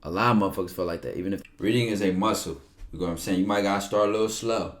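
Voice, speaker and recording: A man's voice: deep voice, very fast. A young man livestreaming, talking casually and emphatically, with lots of profanity, and sometimes reading aloud from a book.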